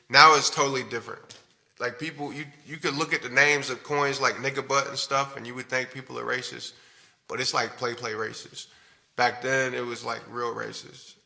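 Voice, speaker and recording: Gravelly-voiced streamer telling his story. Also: mid-range voice, sharp tone. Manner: candid, rambling, profane storytelling. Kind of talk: casual talk to stream viewers.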